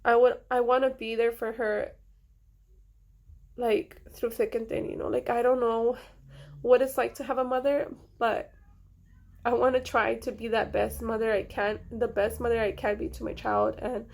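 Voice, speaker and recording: A young woman speaks to her viewers in a fairly high voice, sharing a personal story. Her delivery is earnest and halting, full of pauses and fillers, with a quiet emotional weight. Her voice is gravelly with vocal fry, and her pitch stays flat and steady. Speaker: vlogger.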